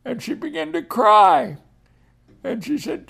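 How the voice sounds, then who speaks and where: A man's voice: very high-pitched, sing-song, takes it slowly, vocal fry, a bit bright, slightly rough. A male missionary giving a homespun ministry appeal, talking plainly and calling his listeners neighbor as he tells an emotional story. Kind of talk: folksy radio ministry appeal.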